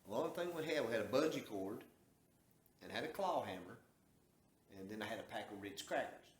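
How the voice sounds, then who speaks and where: A man's voice: fairly low pitch, lively intonation, a little fast. A man from the Southern US telling a long story in a folksy, drawling way, acting out what people said. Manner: folksy, drawling, acts out quoted dialogue. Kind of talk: casual storytelling. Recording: echoey room.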